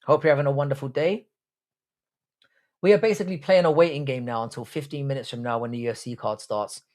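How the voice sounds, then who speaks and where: With a medium-pitched, slightly mellow voice and a quick pace, a young man hosts a live stream. He goes through viewer comments casually, bantering in a blunt, crude, profane way.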